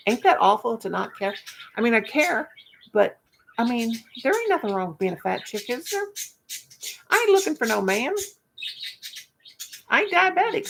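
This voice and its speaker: A woman's voice: mid-range voice, vocal fry, slight background noise. An older woman, hosting a casual livestream chat with viewers, folksy and self-mocking, laughing at her own jokes. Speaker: livestream host.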